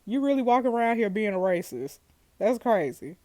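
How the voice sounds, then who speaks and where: A woman playing a story game and reacting out loud to viewers, loud and animated, laughing often. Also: mid-range voice, moderate pace, dry recording. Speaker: gaming video host.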